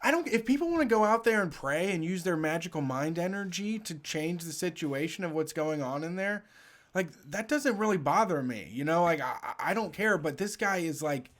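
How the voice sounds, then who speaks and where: A man hosting a casual talk show, telling a story with animated energy and frequent swearing. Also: high-pitched, a little fast. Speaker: show host. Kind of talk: casual chat.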